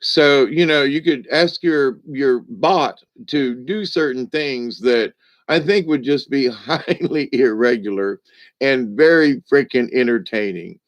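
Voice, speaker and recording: A man's voice: mid-range voice, slow pace, dry recording. An older man rambling through a casual monologue, joking and laughing often as he talks. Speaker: spiritual vlogger. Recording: dull lo-fi, dry.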